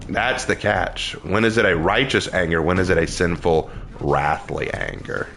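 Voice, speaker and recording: A man's voice: normal speed, vocal fry, fairly bright tone, a little hiss or hum. A young man on a live stream who answers chat questions about faith in an earnest, emphatic, preacher-like way. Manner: earnest, emphatic, pitch swings when preaching.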